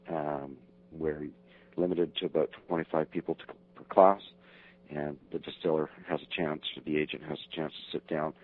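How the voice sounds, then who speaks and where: Very deep-voiced man on a phone line. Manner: casual, explaining with fillers. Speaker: festival organizer.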